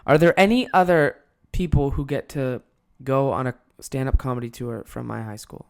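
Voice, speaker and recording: A young man hosting his podcast solo, telling a childhood story with lively swearing and acted-out quotes. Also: mid-range voice, normal speed, gravelly, clear, resonant tone. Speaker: podcast host and comedian.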